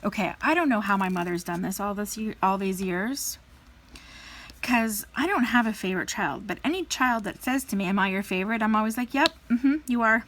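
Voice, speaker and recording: Talking a little fast in a medium-pitched, slightly bright voice, a crafting vlogger in her thirties chats and tells stories. She leans on fillers and slips into playful voices for quotes.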